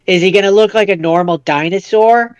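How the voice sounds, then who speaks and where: A man co-hosts a casual podcast with a smooth, fairly high voice. He speculates aloud, repeating words as he works through ideas, recorded on a dry mic. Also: brisk, no room sound, dull audio. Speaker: podcast co-host. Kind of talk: casual chat.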